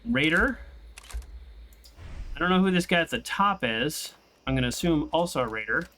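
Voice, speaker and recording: A young man with a bright, forceful voice talks through his game in a loose, rambling way. He drifts into long stories between moments of play, with a faint hiss of noise behind him. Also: on the high side, animated, normal speed. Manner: rambling and chatty, tells stories while playing. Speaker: gaming channel host. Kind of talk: casual let's-play commentary.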